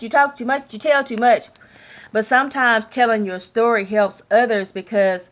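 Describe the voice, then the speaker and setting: A woman gives a sermon-style testimony with a medium pitch. She speaks candidly and personally. She draws out her main points slowly for emphasis. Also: fairly bright tone.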